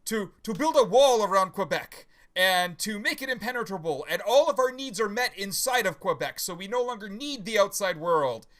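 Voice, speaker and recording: A man's voice: high-pitched, lively intonation, moderate pace, few pauses, fairly bright tone, pitched above the performer's own voice. A man voicing a smug, arrogant Quebecois man in a joke, speaking with a fake French accent. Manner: smug, demanding.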